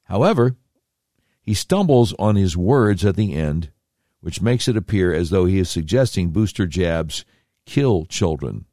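Rich: A man with a low voice hosts a podcast, talking through the news with sarcastic, rambling commentary and slangy asides. The sound is dry and close, with no room echo. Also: animated, unhurried, mellow. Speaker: podcast host.

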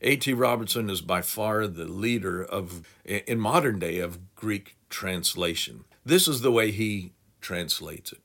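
A man's voice: on the low side, animated, unhurried, hardly any pauses, fairly bright tone. A man giving a methodical teaching sermon, working through numbered points and reading scripture aloud. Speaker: Bible teacher.

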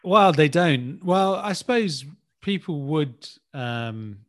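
A man's voice: on the high side, animated, slow pace, a bit bright. Hesitant man from Birmingham, guessing. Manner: hesitant, good-humoured guessing. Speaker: guest. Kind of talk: casual chat.

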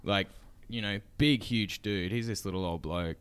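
Aussie guy, kinda low voice, slangy yarns, laughs a lot. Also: normal speed, fairly bright tone, smooth. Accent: Australian. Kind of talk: casual chat.

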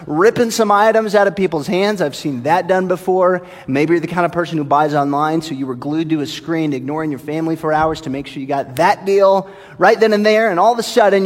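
A man's voice: fairly high pitch, big-room sound. A pastor delivering a playful, tongue-in-cheek sermon to his congregation in a church. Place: church sanctuary.

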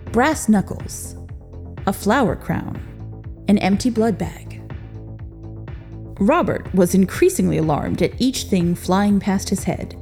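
A woman narrating a story as an expressive storyteller, in a scripted reading. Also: medium pitch.

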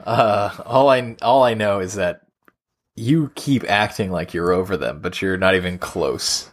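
A man co-hosting a movie podcast in casual chat, jokey and quick to laugh. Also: lowish voice. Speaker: podcast co-host.

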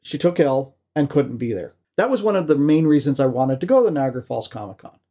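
A man co-hosting a podcast, telling stories in a lively way with frequent laughs and restarts. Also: mid-range voice, quick pace. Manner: animated storyteller, laughs often, restarts. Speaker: podcast co-host. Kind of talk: casual chat.

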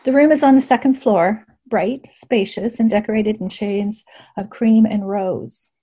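Breathy, mellow woman narrating a story. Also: mid-range voice, measured pace. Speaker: audiobook narrator. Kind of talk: first-person scripted narration.

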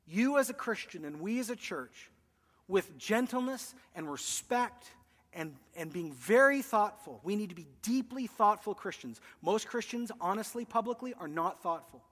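A male pastor preaching a sermon, emphatic, swinging between loud declarations and hushed asides. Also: high voice, expressive, normal speed, in a large hall. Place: church.

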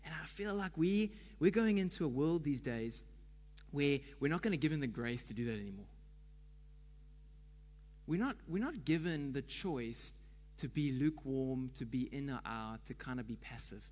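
A man's voice: mid-range voice, expressive, moderate pace, a little mellow, long reverb tail. A man giving a conversational sermon as pastor, chatty and quizzing the congregation.

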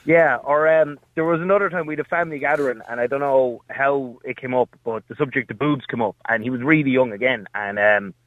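A man's voice: mid-range voice, steady tone, fairly quick, few pauses, dry recording. A man calling in to a radio show, telling stories in a sheepish, self-mocking way. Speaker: caller. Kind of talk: phone-in storytelling. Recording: tinny phone line.

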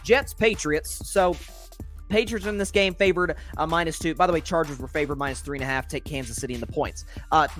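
A man's voice: a little high, a little fast, a bit bright, soft background music. A man hosting a solo sports podcast, rambling through his game picks with many fillers and self-corrections.

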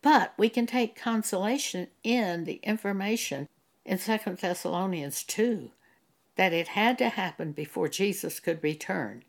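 Slow, earnest woman preaching. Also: mid-range voice, vocal fry. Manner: slow, earnest, reads scripture aloud in King James wording. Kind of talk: sermon monologue.

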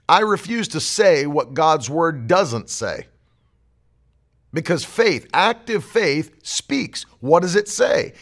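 A man's voice: mid-range voice, a bit bright. A man preaching a sermon as pastor, emphatic and driving his points home with repeated declarations.

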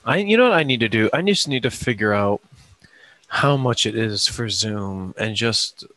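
A man co-hosting a casual truck podcast over a video call, laid-back and quick to laugh. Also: fairly low pitch, expressive, bright, forceful tone, dry recording. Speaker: podcast co-host. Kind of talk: casual chat.

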